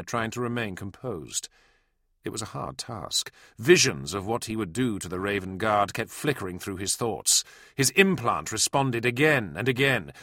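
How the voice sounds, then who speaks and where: A man narrating a science-fiction audiobook in a dramatic, expressive storytelling manner. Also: lowish voice, no room sound, clean studio sound. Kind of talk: scripted narration.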